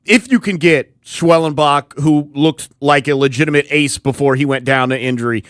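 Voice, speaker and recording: A man co-hosting sports talk radio, with a slightly high voice and a thoughtful, measured delivery. He often doubles up words as he works through a point, close and dry on a studio mic. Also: steady tone, fairly bright tone, no echo. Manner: thoughtful, repeats words while thinking aloud.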